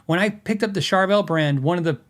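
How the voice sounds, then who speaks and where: A man's voice: high-pitched, fairly quick, a bit bright. A middle-aged man hosting a podcast, telling stories in casual chat with lots of fillers and restarts. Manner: rambling, filler-heavy storytelling with laughs. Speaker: podcast host.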